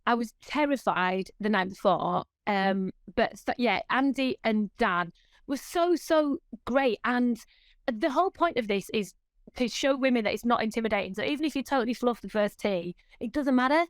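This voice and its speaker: A woman with a fairly high voice chats as a podcast guest, telling her stories with lots of energy and frequent laughter. The sound is dry and close, with no room around it. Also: normal speed, no echo. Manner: lively storytelling, laughs often. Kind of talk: casual chat.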